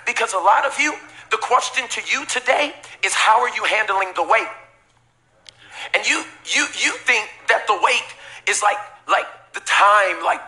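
Forceful, emphatic preaching pastor. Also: male voice, high voice, lively intonation, moderate pace. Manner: emphatic preaching with repetition and bursts of shouting; casual, joking asides to the congregation. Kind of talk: sermon. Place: church sanctuary before a live congregation.

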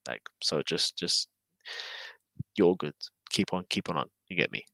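A man's voice: low-pitched, lively intonation, normal speed, vocal fry, sharp tone, no room sound, low-quality recording. A man with a London accent, chatting casually as an interview guest in a laid-back, slangy, rambling way. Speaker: guest, drifter.

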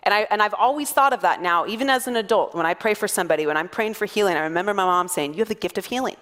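A woman's voice: mid-range voice, racing, fairly bright tone, long reverb tail. A woman pastor in her thirties preaching a sermon to her church, telling stories in a playful way with frequent laughter.

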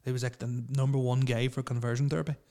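A man's voice: medium pitch, flat delivery, rapid-fire, warm tone. A young man, co-hosting a casual chat with rambling, crude and laughing banter. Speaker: podcast co-host.

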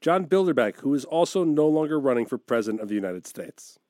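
A man's voice: medium pitch, sing-song, fast, darkish tone, dry recording, clean studio sound. A man co-hosting a comedy podcast, rambling and hesitant with lots of fillers as he jokes with friends. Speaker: podcast co-host. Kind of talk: joking podcast banter.

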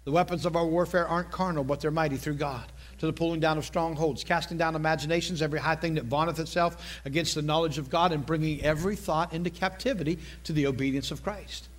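Middle-aged male preacher, high-pitched, conversational and animated from the pulpit. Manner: storytelling preacher, animated, repeats phrases, quick asides. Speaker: pastor. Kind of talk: sermon.

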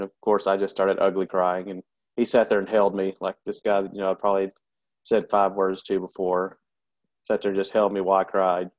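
A man, a military veteran, telling a painful personal story in an interview, halting and candid with many pauses and restarts. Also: deep voice, darkish tone.

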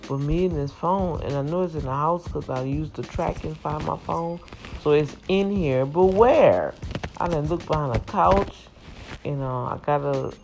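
A middle-aged woman vlogger speaks to her viewers in a chatty, emotional video about her personal faith. Her voice is low and creaky, at a moderate pace, with praise music playing underneath.

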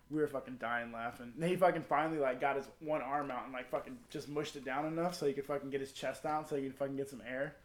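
A man's voice: medium pitch, fairly even intonation, fast talker, echoey room. A former Marine telling a story in casual, profane chat and acting out the people he quotes.

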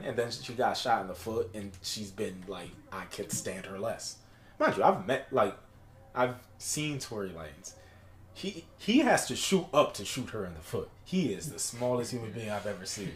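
A man's voice: on the low side, lively intonation, moderate pace. A man hosting a podcast in casual chat, blunt and opinionated with lots of slang. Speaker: podcast host. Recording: roomy echo.

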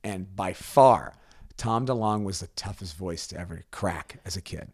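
A man's voice: low voice, darkish tone, breathy edge, no room sound. Playful guy cohosting a music video chat, dry close sound. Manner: playful, does quick imitations. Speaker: co-host.

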